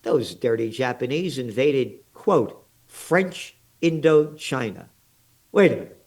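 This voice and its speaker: A man's voice: mid-range voice, expressive, takes it slowly, darkish tone. An older American man with an American accent, a trends forecaster giving blunt, sarcastic, indignant commentary in an interview, full of rhetorical questions.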